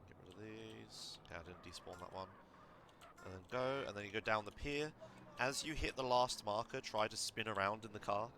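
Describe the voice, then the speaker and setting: A man casually coaching someone through a game run, relaxed and instructive, with lots of fillers. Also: lowish voice, moderate pace, noisy background. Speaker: streamer coaching a speedrun.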